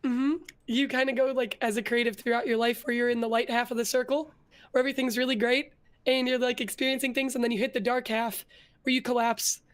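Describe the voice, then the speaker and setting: A woman's voice: fairly high pitch, brisk. A young woman, a guest in a casual interview, telling her story earnestly with a lot of filler words. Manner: earnest storytelling, growing more energetic. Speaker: interview guest, vtuber and artist.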